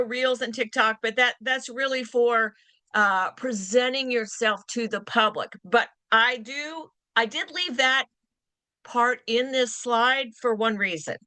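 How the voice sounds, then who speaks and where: A woman's voice: a little high, bright, forceful tone, dry recording. A woman giving a real estate training class in a conversational, emphatic way, repeating phrases for stress. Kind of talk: continuing education class talk.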